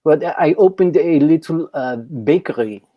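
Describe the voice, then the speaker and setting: A man's voice: a little high, animated, normal speed, highs cut off. A man playing an easily frightened French baker, with a put-on French accent and a flamboyant manner, dropping French words. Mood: playful. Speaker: improv player.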